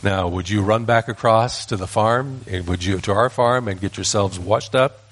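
A man's voice: fairly low pitch, normal speed, a bit bright. A man doing a stern, folksy farm dad. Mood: controlled anger. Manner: controlled, angry folksy scolding. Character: stern rural father scolding his sons.

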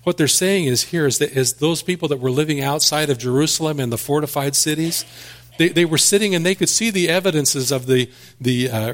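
A man preaching a sermon, reading scripture aloud and then explaining it in plain words, with small restarts. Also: mid-range voice. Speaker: pastor.

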